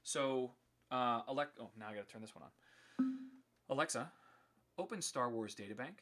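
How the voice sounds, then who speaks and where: A man's voice: medium pitch, lively intonation, normal speed, a bit bright. A man casually explaining his code on a live stream, chatty with many ums and restarts.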